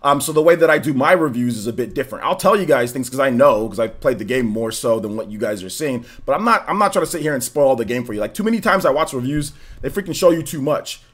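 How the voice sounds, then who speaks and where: A man streaming a game, chatting casually and giving shout-outs to viewers, his voice a little worn and still recovering. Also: mid-range voice, lively intonation, quick pace, few pauses. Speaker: gaming streamer. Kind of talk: live stream chat, greeting viewers.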